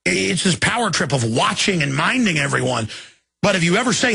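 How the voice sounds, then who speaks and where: A man rants with a tense, bright edge and a gravelly rasp in his throat. He talks as a talk show host on a political tirade, hammering lines again and again and tipping into shouts. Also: high-pitched, very animated, fairly quick. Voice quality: gravelly, raspy. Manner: ranting, swings to shouting, repeats himself. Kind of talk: angry political rant.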